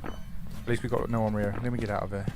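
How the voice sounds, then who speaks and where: A young man streaming a horror game, talking to his chat in an excitable, swearing manner. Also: on the low side, fast talker, noisy background. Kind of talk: live gaming stream commentary.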